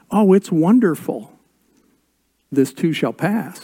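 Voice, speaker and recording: An older man preaching a sermon as a pastor, with dramatic pauses and drops to a hush on key words. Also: sits high, husky.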